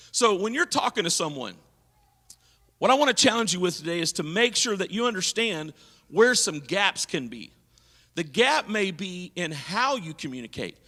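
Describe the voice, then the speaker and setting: A man's voice: high-pitched, pushed and bright, long reverb tail. A man leading a leadership seminar at a church, teaching and asking his audience questions. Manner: engaging, asks the audience questions. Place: church hall.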